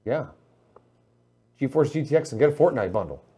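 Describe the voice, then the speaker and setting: Lively, excitable male livestream host. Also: medium pitch, brisk, slightly rough. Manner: joking, excitable, self-mocking. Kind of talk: casual tech news livestream chat.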